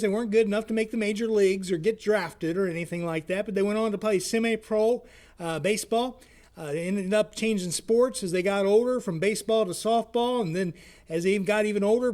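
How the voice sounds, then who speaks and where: A man's voice: sits high, fairly quick, a little mellow. A man working as a community education manager, introducing a video series and telling a story in a friendly, folksy way with many filler words.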